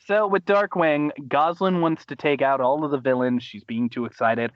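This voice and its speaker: A man's voice: fairly high pitch, steady tone, normal speed, lo-fi sound, noisy background. A man hosting a casual podcast, recapping episodes with enthusiastic, rambling talk. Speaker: podcast host. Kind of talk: casual chat.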